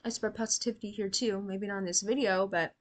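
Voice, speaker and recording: A woman's voice: mid-range voice, fairly even intonation, fast talker. A young woman giving casual reaction commentary on a TV show, blunt and sarcastic, swearing freely and talking straight to the characters.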